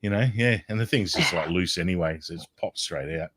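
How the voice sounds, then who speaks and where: A man's voice: sits low, fairly quick, fairly bright tone, slightly rough, no room sound, clean studio sound. A man hosting a live stream, chatting casually and telling rambling stories full of fillers. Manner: laid-back, rambling storytelling with many fillers. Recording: noisy live stream audio.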